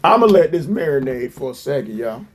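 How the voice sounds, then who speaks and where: A man's voice: mid-range voice, very animated, fairly quick, slight background noise. A man giving profane reaction commentary, mocking and incredulous and swearing constantly.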